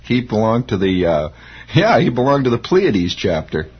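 A man's voice: medium pitch, very animated, moderate pace, slightly rough. A male radio host telling rambling stories, chuckling as he talks, on a lo-fi old radio recording. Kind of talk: nostalgic storytelling.

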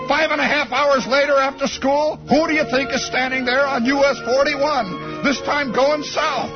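A man telling a comic first-person story on the radio, animated and full of sound effects and acted-out voices. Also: extremely high pitch, moderate pace, few pauses. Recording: dull lo-fi old radio broadcast with faint music.

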